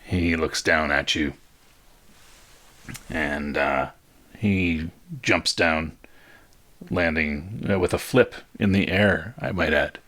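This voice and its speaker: A man narrating a tabletop game as game master, laid-back and pausing often with fillers. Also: a bass voice, fairly bright tone.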